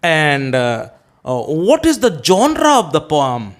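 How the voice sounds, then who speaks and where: A male English teacher with an Indian accent lecturing on a poem, often checking with "okay?" and spelling terms out letter by letter, with halting restarts. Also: fairly high pitch, huge pitch swings. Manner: hesitant restarts with many "uh"s.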